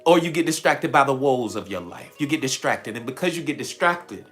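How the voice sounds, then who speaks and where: A man's voice: mid-range voice, lively intonation, fairly quick, fairly bright tone, soft background music. A man hosting a spiritual livestream, talking playfully to his viewers, laughing often and acting out quoted voices. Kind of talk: animated live-stream talk to viewers.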